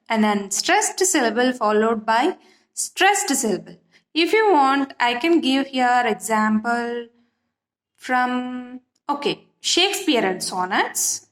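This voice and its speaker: A woman teaching literature in an online lesson, patient and repetitive, often checking that students follow. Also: on the high side. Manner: slow, patient, repeats key points and checks understanding.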